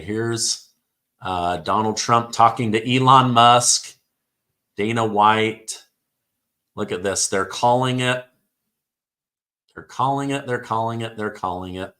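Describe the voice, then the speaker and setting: A man hosting a live stream, reading headlines aloud and reacting with excitement, his throat sore from hours of talking. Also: mid-range voice. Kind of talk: live election-night commentary.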